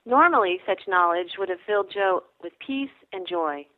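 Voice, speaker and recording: A woman narrating a devotional story in a measured storytelling way. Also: mid-range voice, lively intonation, no room sound. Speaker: reader. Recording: dry, phone-like sound.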